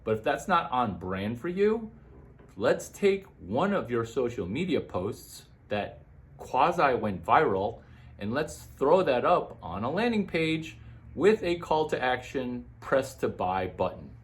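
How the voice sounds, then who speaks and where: A man, a comedian, talking through numbered business tips in a jumpy monologue full of quick asides and sudden leaps in pitch. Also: very animated. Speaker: comedian giving business advice.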